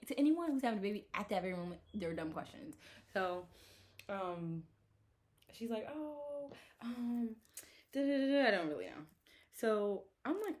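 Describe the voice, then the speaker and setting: A young woman, casually telling her labor story in a vlog, animated and exasperated, full of "like". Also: fairly low pitch, slight background noise. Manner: animated, exasperated retelling with lots of "like".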